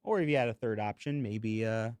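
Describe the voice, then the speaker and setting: A man's voice: lowish voice, fairly quick, a little mellow, smooth, no room sound. A man hosting a live streaming tech podcast, chatting casually and drawing in the audience. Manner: upbeat, engaging the audience. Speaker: podcast host.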